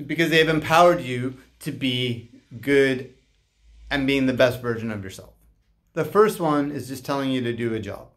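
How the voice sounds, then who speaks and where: A man who works as a life coach, talking casually and haltingly to camera and acting out bits of dialogue. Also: medium pitch. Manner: slow, halting, acts out dialogue in animated voices.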